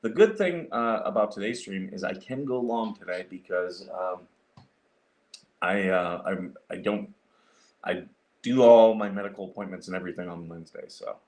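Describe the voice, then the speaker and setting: Working through things on his computer during a casual livestream, a man with a fairly low voice chats at a normal speed. He thinks out loud, rambling along with lots of fillers and restarts.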